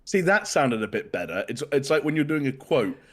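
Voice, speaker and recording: A man's voice: mid-range voice, sing-song, brisk. Rambling British man hosting a podcast. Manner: rambling, lots of restarts. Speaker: podcast host. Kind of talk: casual podcast chat.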